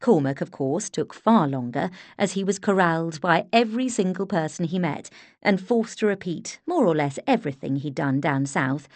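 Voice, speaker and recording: Reading scripted audiobook narration, a woman tells the story in a steady, measured way. Her voice sits on the low side, and the recording sounds dry.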